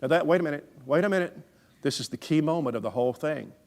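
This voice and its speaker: A man's voice: on the high side, fast. A man preaching a sermon through stories, folksy, conversational and emphatic. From Alabama, USA. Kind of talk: storytelling sermon.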